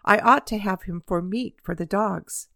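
A woman reading the part of a patient, kindly male country doctor in a storybook, speaking gently and reasonably, with light teasing. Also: medium pitch, moderate pace, vocal fry, no room sound, studio quality. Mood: earnest.

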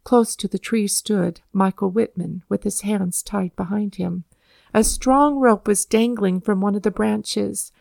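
A woman narrating a historical storybook in a calm, measured reading voice. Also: medium pitch, vocal fry, dry recording.

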